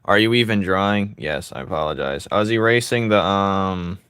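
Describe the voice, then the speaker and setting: A young man chats casually with viewers as he draws live, joking and teasing them between laughs. His voice sits a bit low but sounds bright and forward. The sound is dry and close. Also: normal speed, clear, resonant tone, no echo. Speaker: streamer drawing live and reading chat. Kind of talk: casual livestream chat while drawing.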